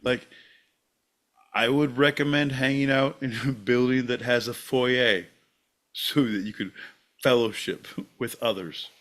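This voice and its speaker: A man's voice: medium pitch, fairly even intonation, measured pace, a bit bright. A man hosting a podcast in casual comedic chat, rambling and joking. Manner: rambling, jokey, bursts into silly voices. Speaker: podcast host.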